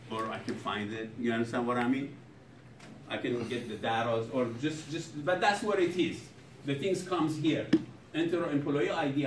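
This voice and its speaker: A man lecturing a programming class in a non-native English accent, joking with students in broken English. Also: medium pitch. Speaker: programming professor. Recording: echoey classroom from far off with noise.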